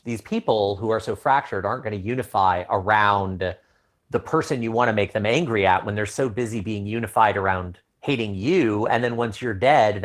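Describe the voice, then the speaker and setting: A man with a fairly low voice co-hosting a podcast. He talks through his ideas in a thoughtful, analytical way during a casual chat. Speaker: podcast co-host.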